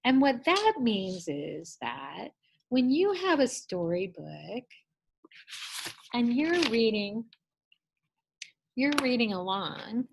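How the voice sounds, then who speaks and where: A woman teacher giving a gentle, encouraging lesson to young children and asking them questions. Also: a little high, sing-song, slow, creaky, long pauses, background noise.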